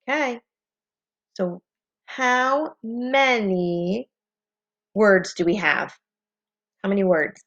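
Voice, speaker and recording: A woman's voice: mid-range voice, expressive, slow, long pauses. A woman teaching a phonics lesson, patient and encouraging, spelling out letters one by one. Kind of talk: slow, clearly paced phonics lesson. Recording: slightly dull lo-fi home recording.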